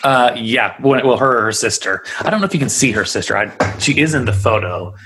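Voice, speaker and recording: A man's voice: medium pitch, animated, brisk, noisy background. A man hosting a podcast, recounting a haunting in a casual, rambling way. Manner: chatty, rambling with many fillers. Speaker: podcast host. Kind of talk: casual storytelling chat.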